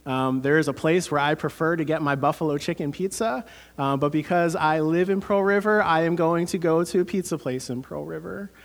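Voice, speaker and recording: A man's voice: fairly high pitch, a little fast, creaky. A man, preaching a sermon as pastor, earnest and conversational with many fillers.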